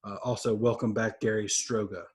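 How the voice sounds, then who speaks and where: A man's voice: fairly low pitch, little pitch movement, fairly quick. Rambling man recapping a comic. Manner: rambling, summarizes plot with many fillers. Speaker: podcast co-host. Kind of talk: casual comic book discussion.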